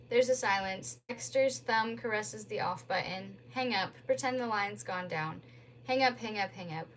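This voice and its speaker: A woman's voice: medium pitch, normal speed, low-quality recording. Woman reading a novel aloud. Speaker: reader.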